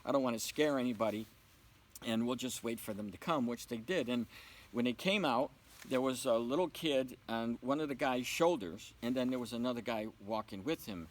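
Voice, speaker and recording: A man's voice: mid-range voice, normal speed, poor audio. A man telling a personal story in a casual interview, acting out the dialogue. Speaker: interview guest.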